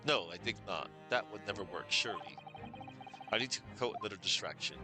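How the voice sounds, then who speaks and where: A man voicing an earnest, polite young law student who reasons aloud in measured steps, with game music behind. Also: fairly low pitch, close to an everyday voice.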